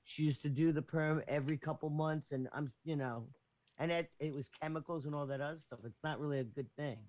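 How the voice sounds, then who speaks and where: A chatty, joking man in casual conversation. His voice is a little high for a man. The sound is dull and lo-fi. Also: fairly even intonation, brisk, darkish tone. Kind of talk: casual chat.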